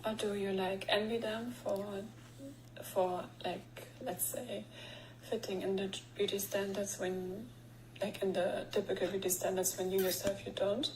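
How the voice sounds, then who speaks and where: A woman's voice: mid-range voice, little pitch movement, a little slow, background noise. A woman with a German accent asking a streamer a polite, careful question.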